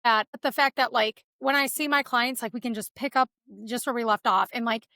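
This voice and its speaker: A woman's voice: a little high, a little fast, bright, forceful tone, dry recording. A woman with a Texan accent, a real estate agent being interviewed, talking casually and enthusiastically with many fillers.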